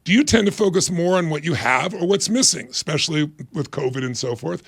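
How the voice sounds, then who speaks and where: A man's voice: fairly high pitch, fairly quick, vocal fry, slightly rough, no echo, clean studio sound. A man in his sixties, a guest on a talk show, explaining ideas energetically and emphatically. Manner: energetic, emphatic, acts out quoted voices. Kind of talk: motivational interview talk.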